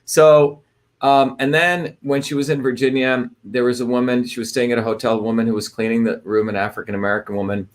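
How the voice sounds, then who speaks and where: A man's voice: mid-range voice, steady tone, brisk. A man hosting a live online talk, greeting viewers by place and explaining ideas in a loose, rambling way with many fillers and restarts. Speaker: livestream host. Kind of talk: casual livestream talk.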